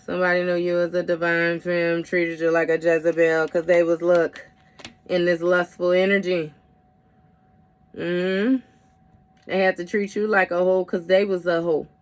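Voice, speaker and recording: A woman's voice: lowish voice, flat delivery, normal speed. A woman giving a casual tarot reading in a blunt, heavily profane way, with frequent mm-hmms. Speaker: tarot reader.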